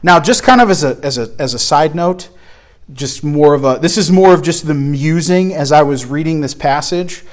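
A man's voice: on the high side, moderate pace. A man teaching a Bible study lesson from slides, talking in a conversational, emphatic way and often restarting his phrases.

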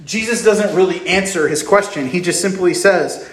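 A young male pastor delivers a sermon in a slightly high voice, talking conversationally and asking the congregation questions. The sound carries in a roomy, echoey church hall. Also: moderate pace.

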